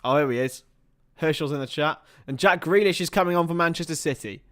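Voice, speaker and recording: A man hosting a live football watchalong stream, swinging between excitable play-by-play and chatty asides with casual swearing. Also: a little high, brisk. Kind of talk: casual live match commentary.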